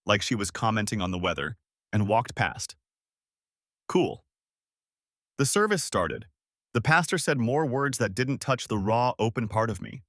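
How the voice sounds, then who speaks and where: A man telling a first-person story with a dramatic, emphatic delivery. His pitch moves a lot across a middle register, and the voice sounds dry and close to the mic. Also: a bit bright, no echo.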